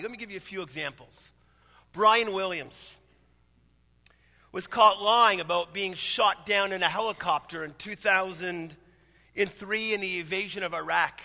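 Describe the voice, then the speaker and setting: A man's voice: high-pitched, pushed and bright, long reverb tail. A man in his thirties, a pastor preaching a sermon in a conversational, storytelling way. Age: 30s.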